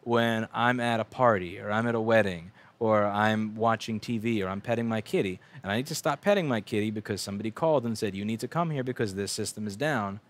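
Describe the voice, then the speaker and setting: A repair technician streams live from his workbench, talking a little fast with few pauses in a fairly low voice. The chat is rambling and blunt, packed with swearing, fillers and restarts.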